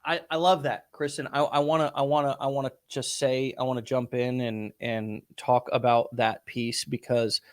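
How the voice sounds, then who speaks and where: A man hosting an interview, speaking emphatically, restarting phrases and breaking into bursts of excitement. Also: mid-range voice, moderate pace, hardly any pauses. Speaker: host.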